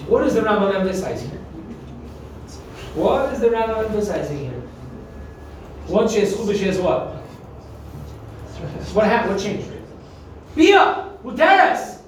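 A man's voice: sits high, a little mellow, slight background noise. A man teaching a Talmud class, asking his students questions and stressing key terms. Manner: questioning, emphatic, mixes Hebrew terms. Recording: echoey room from far off.

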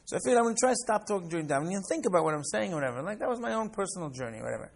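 Very fast and sing-song, this man's gravelly voice sits high. He is an American rabbi in his sixties teaching a class through personal stories, with repeated words and a habit of asking "right?".

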